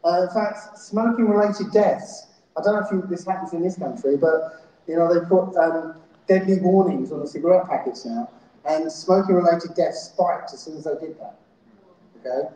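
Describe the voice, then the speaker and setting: Pitched on the high side, a man talks at a moderate pace with a warm tone during a live festival talk. As a conference speaker, he frequently asks the crowd "yeah?" and "right?", and the festival hall recording is very echoey.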